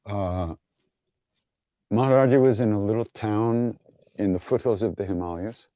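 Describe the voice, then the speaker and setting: A man's voice: on the low side, slow pace, creaky, pauses often, mellow, no room sound, clean studio sound. A man hosting an online gathering, answering viewer questions in an easygoing, wry way, telling stories with many fillers and chuckles. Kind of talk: casual online Q&A storytelling.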